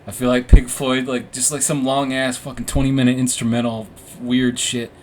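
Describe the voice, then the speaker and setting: A man's voice: medium pitch, little pitch movement, normal speed, a little mellow, a little hiss or hum. A young man hosting a casual podcast, telling a long personal story in a rambling, profane, self-mocking way, full of restarts and fillers. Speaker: podcast host. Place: room with warm orange lighting.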